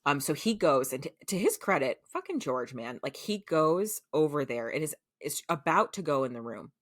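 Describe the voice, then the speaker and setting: A woman's voice: low voice, sing-song, moderate pace, no room sound, studio quality. A woman podcast co-host from the United States, chatting casually as she recaps a show, swearing freely and leaning on fillers like "like" and "um".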